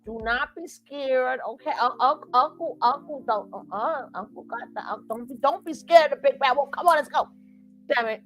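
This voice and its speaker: A woman hosting a reaction video, chatting casually and laughing often with loud outbursts. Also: high voice, moderate pace. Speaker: reaction commentary host.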